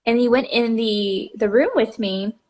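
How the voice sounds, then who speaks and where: A woman's voice: a little high, measured pace, darkish tone. A young woman in her twenties hosting a casual video chat, telling stories in a chatty way. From Texas, USA. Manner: chatty, storytelling with quoted voices and laughs. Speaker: podcast host. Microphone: video call.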